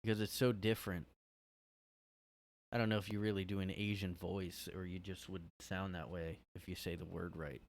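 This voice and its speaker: A man's voice: sits low, flat delivery, normal speed, a little hiss or hum. A man hosting a casual solo podcast from his room, rambling and hesitant, full of "like". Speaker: podcast host.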